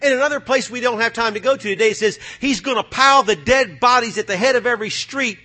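A middle-aged man from the United States preaching a sermon, fervent, going from loud bursts to hushed asides. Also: very high-pitched, quick pace.

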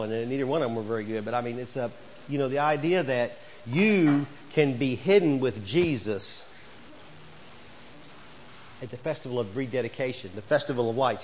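A man's voice: fairly high pitch, lo-fi sound, a little hiss or hum. A man preaching a sermon as pastor, folksy and conversational, rising to emphatic bursts.

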